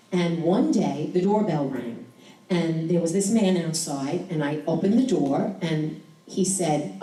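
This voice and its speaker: Older woman telling stories in an echoey hall. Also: lowish voice. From New York. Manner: animated storyteller who acts out quotes. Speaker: guest speaker. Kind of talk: personal faith testimony. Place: dinner event hall. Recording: echoey hall, distant mic, faint room noise.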